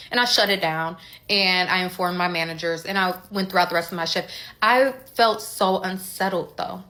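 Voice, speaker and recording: Young woman, storytime vlogger, bright, lively candid delivery. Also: on the low side, normal speed. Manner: candid, conversational, animated retelling with quoted dialogue. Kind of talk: casual storytime.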